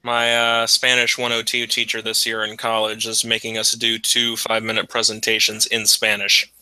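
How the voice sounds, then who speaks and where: Man guest, sharp bright voice, stumbles and repeats himself, laughs easily. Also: lowish voice, completely flat delivery, smooth, dry recording, rough recording. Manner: halting, repeats words, laughs. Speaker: college student guest. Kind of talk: casual chat.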